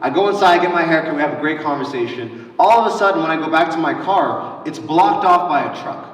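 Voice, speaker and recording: A man's voice: on the high side, brisk. A man leading a church lesson for kids, telling stories energetically and acting out the quotes. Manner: energetic, storytelling with acted-out quotes. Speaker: youth pastor. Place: large church hall. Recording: roomy hall heard from a distance.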